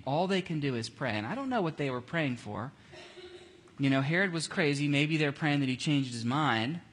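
Animated, husky-voiced man teaching the Bible. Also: medium pitch. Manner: animated, jokey, acts out scenes.

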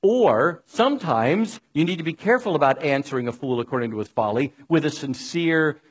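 A man delivers a conversational sermon, his voice husky and set a little high. He is wry and chatty, and he talks straight to his listeners. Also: expressive, brisk, poor audio. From New York. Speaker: preacher.

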